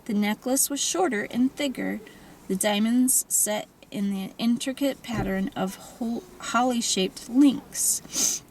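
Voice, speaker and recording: A woman narrating a novel in a calm, even storytelling manner. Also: fairly high pitch, slow, a little hiss or hum, low-quality recording. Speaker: audiobook narrator.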